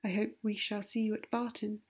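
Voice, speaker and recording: A woman's voice: medium pitch, flat delivery, fairly quick, husky. A woman voicing a proper, composed aristocratic lady with a polite, reproving manner, in a whispered role-play.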